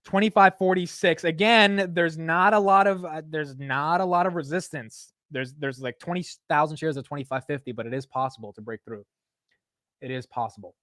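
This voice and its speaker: A man's voice: on the high side, normal speed, a bit bright, no room sound, clean studio sound. A young man hosting a casual stock market livestream, chatting loosely, swearing and laughing at himself while reading chat aloud.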